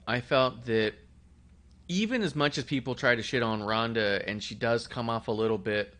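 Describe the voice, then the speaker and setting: A man's voice: mid-range voice, fairly bright tone. Man, podcast co-host, casual rambling delivery, frequent laughs. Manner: rambling, laughs often, quick asides. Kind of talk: casual chat.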